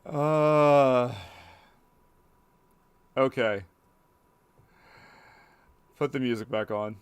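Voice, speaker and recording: A man's voice: mid-range voice, drawn-out words, clear, resonant tone, no room sound. A man giving casual commentary over a video game, hesitant and stammering, often repeating words. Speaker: gaming video host.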